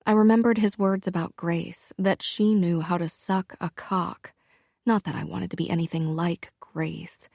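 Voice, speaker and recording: A woman narrating a first-person romance audiobook in a slow, hushed, intimate manner. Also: on the low side, fairly even intonation, gravelly, no echo, clean studio sound.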